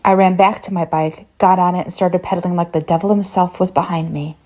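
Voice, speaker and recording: A woman narrating a first-person horror story in a tense, measured way. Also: lowish voice, fairly even intonation, a little mellow.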